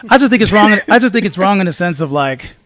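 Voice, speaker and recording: High-voiced man telling a wild story. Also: fast, dry recording. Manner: animated storyteller, acts out voices of people in his stories. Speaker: podcast co-host. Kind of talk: casual chat, storytelling.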